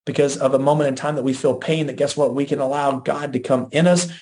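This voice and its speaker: A man's voice: mid-range voice, fairly even intonation, fast talker, darkish tone. A man hosting a podcast, giving faith-based relationship teaching in an earnest way, with repeated phrases and frequent restarts. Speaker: podcast host.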